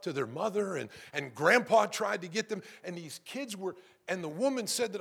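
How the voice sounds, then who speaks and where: Gravelly, husky-voiced preacher man. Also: high-pitched, animated, a little fast, fairly bright tone. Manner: call-and-response preaching, rising to emphatic peaks. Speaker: pastor. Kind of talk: sermon. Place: church.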